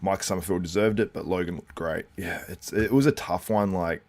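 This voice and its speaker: Deep-voiced man hosting a casual live stream. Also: fairly quick, darkish tone. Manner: chatty, reacts to viewer comments; loose and rambling with frequent fillers. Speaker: host. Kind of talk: live watchalong commentary.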